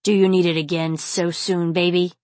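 A woman reading the part of a demanding, rough adult man in an audiobook. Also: lowish voice, level tone, moderate pace, a little mellow, dry recording, close to an everyday voice. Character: commanding adult man, lover.

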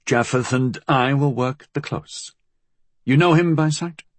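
A man voicing a calm male gang leader who speaks in a measured, commanding way. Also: medium pitch, no echo, pitched above the performer's own voice, lightly acted.

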